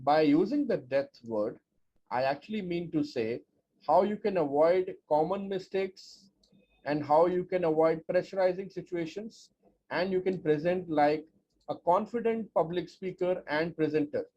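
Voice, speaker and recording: A man giving an energetic, emphatic webinar talk as a speech coach, with lots of rhetorical repetition. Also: fairly high pitch, normal speed. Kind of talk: webinar presentation. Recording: dull lo-fi audio with faint noise.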